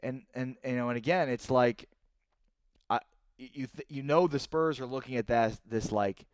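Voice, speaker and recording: An excitable man in his thirties, hosting a sports talk livestream, reads comments from viewers and gets fired up about trades, his voice shooting up when indignant. He talks at normal speed in a clean, medium-pitched tone with no room sound.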